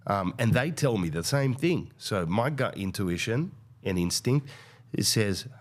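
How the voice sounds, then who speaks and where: A deep-voiced man riffs through a casual podcast monologue. He hesitates often, restarts his sentences, and swears freely, like a comedian thinking out loud. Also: expressive, measured pace. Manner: hesitant, many fillers and restarts, profane.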